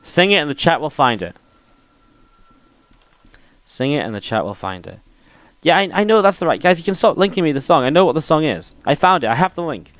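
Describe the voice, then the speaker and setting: Mixing live game commentary with chat banter, a male esports caster and stream host calls the action and jokes around with his audience. He speaks quickly with few pauses, in a fairly high, fairly bright voice with lively intonation, and the recording is dry.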